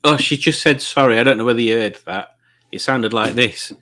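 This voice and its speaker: A man's voice: medium pitch, a little fast, pushed and bright. A man hosting a casual live-stream quiz night, reading viewer comments aloud in a jokey, rambling way. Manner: jokey, rambling, chuckling at puns.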